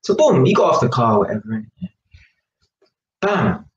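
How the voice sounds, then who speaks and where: Animated young London man telling a story. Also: medium pitch, normal speed, lo-fi sound. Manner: animated, slangy, repeats "innit" and "yeah". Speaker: vlogger. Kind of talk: casual storytelling to camera. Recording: echoey room with faint noise.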